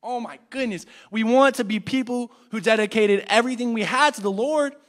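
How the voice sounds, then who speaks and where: A young man teaching an adult church class, earnestly swinging between loud urging and hushed reflection. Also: extremely high pitch, a little fast. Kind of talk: sermon.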